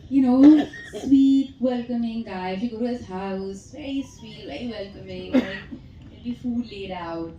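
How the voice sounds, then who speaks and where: A woman's voice: on the high side, a little slow, mellow, recorded from a distance, lo-fi sound. A woman in her thirties with an Indian English accent, an actress telling chatty stories at a press meet and laughing often. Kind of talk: press conference answers. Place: press hall. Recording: echoey hall, faint background noise.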